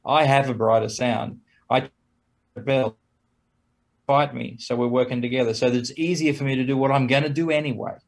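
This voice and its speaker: A man's voice: mid-range voice, steady tone, brisk, gravelly, long pauses. A man who plays trumpet, talking casually as an interview guest, chuckling between points and acting out quoted exchanges in a raised voice.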